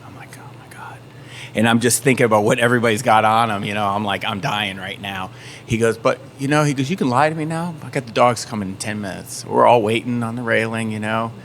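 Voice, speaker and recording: A man telling a story in a casual chat, acting out shouted quotes as he goes. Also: medium pitch, steady tone, fast talker, few pauses. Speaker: band member. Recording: faint background noise.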